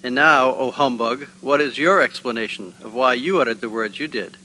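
A man's voice: mid-range voice, normal speed, pushed and bright, slight background noise, lightly acted, rough recording. A man voicing a rude, scornful male seeker who accuses a holy man of being a fraud, in a read-aloud spiritual tale. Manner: indignant, accusing.

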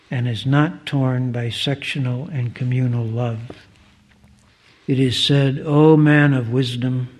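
Male speaker at a spiritual gathering, slow, husky, earnest devotional reading. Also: medium pitch. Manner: measured, earnest, formal reading.

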